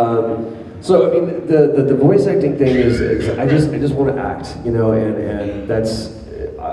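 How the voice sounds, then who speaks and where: A man's voice: fairly low pitch, warm tone. A man telling stories at a convention panel, rambling and restarting his sentences, often laughing. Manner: rambling, self-interrupting storyteller with frequent laughs. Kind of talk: casual panel talk. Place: large convention hall. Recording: echoey hall from far off.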